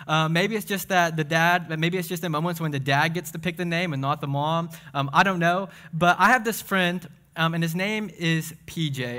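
Excitable young preacher, bright voice. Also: male voice, on the high side. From Tennessee. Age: young adult. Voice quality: speech impediment. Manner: excitable, fast, self-deprecating. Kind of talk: casual sermon with jokes.

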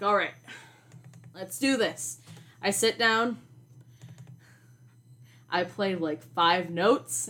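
A young woman co-hosting a podcast, casually telling a college story in an animated, exasperated way, with swearing and laughter. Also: fairly low pitch. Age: young adult. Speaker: podcast co-host.

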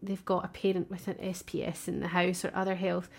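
A woman's voice: lowish voice, flat delivery, brisk, gravelly. A woman co-hosting a podcast in casual chat, talkative, laughing often and restarting her sentences. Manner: chatty, warm-hearted, laughs often, many restarts. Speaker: podcast co-host. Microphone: remote call.

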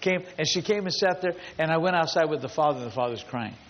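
Male pastor, fairly high voice, emphatic storytelling preacher; dull lo-fi recording with long hall reverb. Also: expressive, fast, a little hiss or hum. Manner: emphatic, builds long repetitive lists. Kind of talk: storytelling sermon.

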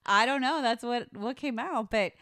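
A woman telling a story in casual chat, animated, swearing freely and acting out what people said. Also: a little high, moderate pace, no echo, studio quality.

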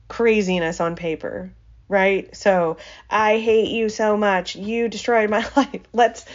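A woman talks through a motivational podcast with an easy, chatty manner. She laughs between points and checks in with "right?" Her voice sits in the middle of her range, and the audio is a little dull and lo-fi. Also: medium pitch. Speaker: podcast host.

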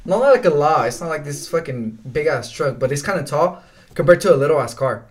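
A man's voice: on the high side, lively intonation, fairly quick. A young man telling laid-back stories on a podcast, swearing often, saying "bro" a lot and laughing as he goes. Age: young adult. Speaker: podcast co-host. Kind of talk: casual storytelling chat.

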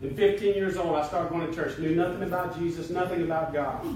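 A pastor preaches a sermon to his church in the sanctuary, his impassioned emphasis building as he goes. His voice is fairly high, steady, brisk, and a little mellow, captured from a distance in a very echoey room with a little hiss or hum.

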